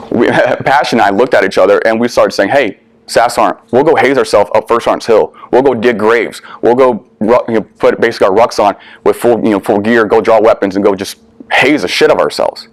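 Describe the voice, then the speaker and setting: A man's voice: mid-range voice, quick pace, no echo. A young adult man, a veteran, telling a personal story to an audience in an earnest, candid way with casual swearing. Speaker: veteran speaker.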